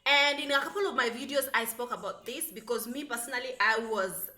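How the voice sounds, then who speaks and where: A woman who does not speak English as her first language chats sassily into her phone camera, animated and full of fillers. Her voice is bright and clear, sitting a little high. The room is echoey, with faint music playing in the background. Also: fairly quick. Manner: sassy, animated, many fillers. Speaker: vlogger. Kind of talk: casual chatty vlog. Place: apartment in the United Arab Emirates.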